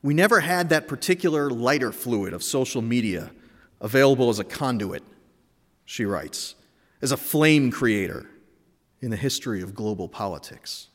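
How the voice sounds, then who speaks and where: A man's voice: mid-range voice, expressive, normal speed. Candid man telling a story in a hall. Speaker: speaker. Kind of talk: personal reflective talk. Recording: echoey hall.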